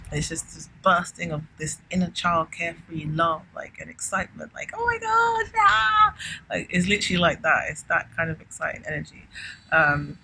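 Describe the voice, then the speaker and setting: A woman giving a casual spiritual tarot reading, effusive and chatty, often exclaiming and filling pauses. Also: low-pitched, flat delivery, creaky, low-quality recording. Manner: effusive, keeps exclaiming wow, chatty with many fillers. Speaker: tarot reader. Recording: loud background noise with clicks.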